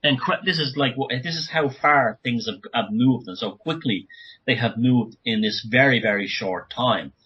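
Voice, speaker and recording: A man talking as a guest author on a podcast interview, speaking urgently in rapid bursts with many restarts. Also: medium pitch, husky, muffled recording.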